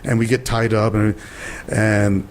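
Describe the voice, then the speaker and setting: An older man, a guest actor, telling lively anecdotes in an interview and acting out the people in them. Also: on the low side, unhurried, slight background noise. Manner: animated storyteller acting out quoted voices. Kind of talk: interview storytelling.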